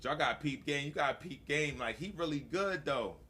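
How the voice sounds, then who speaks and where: A man hosting a morning show, telling stories in a slangy, excitable way and laughing often. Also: on the high side, moderate pace. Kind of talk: animated storytelling to a live audience.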